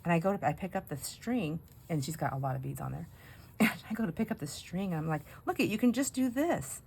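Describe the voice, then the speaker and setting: Animated and quick, this crafting channel host has a low, husky, creaky voice with a darkish tone. The middle-aged woman rambles casually through comic family tales while she crafts, laughing a lot and doing impressions of others.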